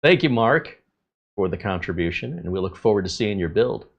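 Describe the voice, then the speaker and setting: A man hosting a live tech channel stream, greeting viewers in a relaxed, chatty way with many filler pauses. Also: sits low, gravelly, dull audio.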